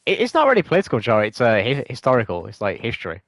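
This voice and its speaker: A man's voice: mid-range voice, huge pitch swings, rapid-fire, a bit bright, no echo. A British man streaming a game, chatting casually with viewers in rambling, hesitant explanations that often correct themselves. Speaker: gaming streamer.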